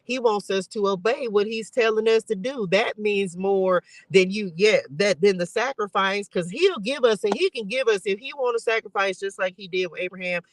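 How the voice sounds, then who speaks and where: A woman's voice: medium pitch, normal speed, hardly any pauses, dry recording, low-quality recording. A woman hosting a casual Bible study livestream, talking emotionally and straight to her viewers. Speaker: livestream host.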